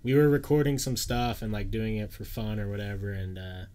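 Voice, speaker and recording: A man's voice: on the low side, fairly quick, warm tone. A young man in casual chat, easygoing and hesitant with fillers as he tells a story.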